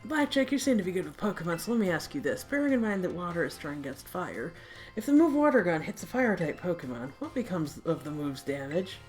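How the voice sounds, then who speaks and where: A woman voicing a cheerful female math teacher who speaks gently and encouragingly to her class. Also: fairly low pitch, sing-song, fast talker, soft background music.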